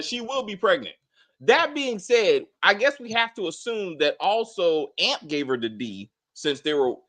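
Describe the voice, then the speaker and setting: A man co-hosting a casual TV review, animated and profane, acting out scenes in put-on voices. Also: a little high. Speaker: show co-host.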